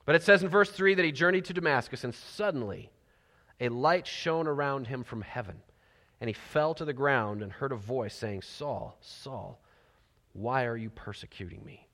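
A man preaching a sermon, telling the story with animated energy and dropping to soft near-whispers for emphasis. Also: mid-range voice, normal speed. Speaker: pastor. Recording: long hall reverb.

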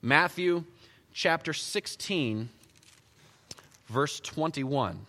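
A pastor delivers a conversational, animated sermon, storytelling as he goes. His voice is higher than most men's and bright, with a forceful edge. A long reverb from the sanctuary trails behind him. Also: drawn-out words. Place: church sanctuary.

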